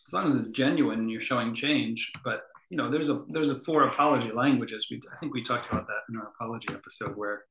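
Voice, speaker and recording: A man's voice: mid-range voice, fast, few pauses, a bit bright, roomy sound. A man co-hosting a casual podcast, chiming in with wry jokes and practical points. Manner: wry, joking. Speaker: podcast co-host. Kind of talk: casual conversation.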